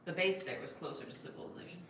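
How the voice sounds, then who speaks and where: Female livestream host, relaxed and chatty, reads comments aloud; sits back from the mic in a boomy room. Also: fast, slight background noise. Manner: chatty, reads viewer comments aloud and coos at her cat. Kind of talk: casual livestream chat. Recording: very echoey room, distant mic, faint ambience.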